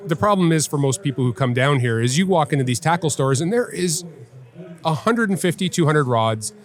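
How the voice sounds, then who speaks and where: A man, a well-known angler and TV host, talking in a casual live podcast chat with an animated, emphatic, instructive way of telling stories. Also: fairly high pitch, brisk. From Canada. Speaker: guest angler and TV personality. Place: busy fishing trade show floor.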